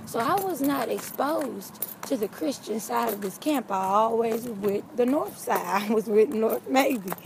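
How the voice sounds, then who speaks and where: A young woman in an animated, comic telling of a childhood story, talking straight to her listeners. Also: mid-range voice, vocal fry, very noisy. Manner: animated, talks straight to the audience.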